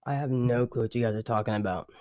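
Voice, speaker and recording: A man's voice: mid-range voice, steady tone, fast, warm tone, no echo, studio quality. A man hosting a casual livestream chat, talking loosely with lots of fillers, swearing and chuckles. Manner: loose slangy talk, many "like" fillers, swearing; chuckles often between remarks. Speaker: livestream host.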